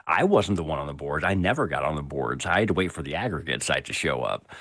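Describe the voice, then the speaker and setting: A man joins a casual livestream as a guest, talking in an animated way with casual swearing. His voice sits very low. The sound is dry and close, with no room echo. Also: fast talker.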